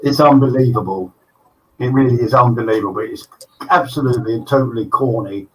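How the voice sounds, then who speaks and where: A man co-hosting a live show, telling a long corny joke in an animated, self-mocking way. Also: medium pitch, fairly quick. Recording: distant mic, faint noise.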